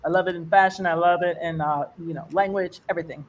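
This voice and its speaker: At a quick pace and with a steady tone, an older American stand-up comedian rambles through a friendly, conversational set for an online fundraiser, her pitch leaping whenever she imitates another person's accent. The sound is lo-fi, with a faint hiss in the background.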